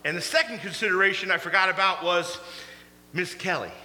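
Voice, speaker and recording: A man preaching a storytelling sermon, animated and laughing through his stories. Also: sits high, a little fast. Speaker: pastor. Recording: echoey hall, faint hum.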